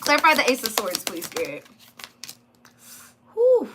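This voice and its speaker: Woman tarot reader, high and bright-toned, blunt and casual, faint background hiss. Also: wildly swooping pitch, a little slow. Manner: chatty, blunt, laughs at her live chat. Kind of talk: live tarot reading.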